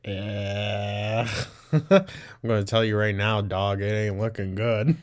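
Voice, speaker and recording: A man's voice: lowish voice, steady tone, takes it slowly. A man hosting a commentary podcast, reacting to a clip with blunt, sarcastic remarks, frequent swearing and laughter.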